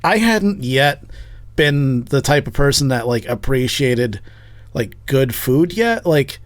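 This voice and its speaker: A man's voice: medium pitch, big pitch swings, takes it slowly, dry recording. A man co-hosting a podcast in casual chat, rambling with many likes and restarts. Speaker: podcast co-host.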